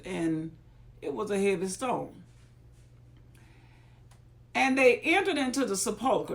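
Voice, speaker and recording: A woman reading Bible verses aloud and stopping to explain them in folksy, conversational asides. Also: a little high. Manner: paraphrases scripture in everyday talk. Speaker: Bible reader and teacher. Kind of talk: scripture reading with casual commentary.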